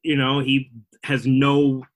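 A man's voice: medium pitch, monotone, takes it slowly, poor audio. Rambling young man with wry humor. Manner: rambling, self-interrupting, wry. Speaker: comedian guest. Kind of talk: casual interview chat.

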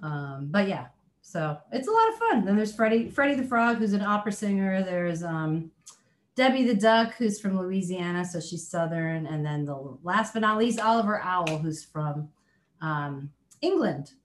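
A woman's voice: on the low side, lively intonation, normal speed. A woman who is a children's musician, chatting in an interview, laughing often and restarting her sentences. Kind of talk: casual interview chat. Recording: roomy echo.

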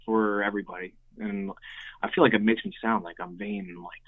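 A man's voice: fairly low pitch, fairly even intonation, fairly quick. A young man, a musician, telling stories casually with lots of fillers and swearing. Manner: rambling, swears freely, many fillers. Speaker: guest, hardcore band musician. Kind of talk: casual storytelling. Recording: tinny phone-like line.

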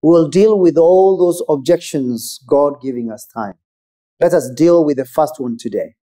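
Slow, mellow-voiced male preacher. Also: fairly high pitch. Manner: measured, emphatic preaching with pauses. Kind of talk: sermon.

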